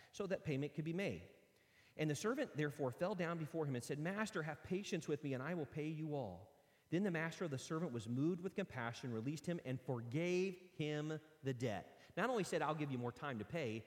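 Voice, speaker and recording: A man's voice: on the high side, long reverb tail. A man preaching a sermon in a conversational way, reading scripture aloud and breaking off into casual asides. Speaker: pastor.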